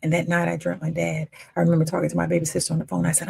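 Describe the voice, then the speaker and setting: Woman, 50s, gravelly and husky, emotional storyteller who swings from loud to hushed. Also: fairly low pitch, flat delivery, fast talker, pauses often. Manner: emotional, emphatic, swinging between loud declarations and near-whispers. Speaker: independent filmmaker. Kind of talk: personal storytelling monologue.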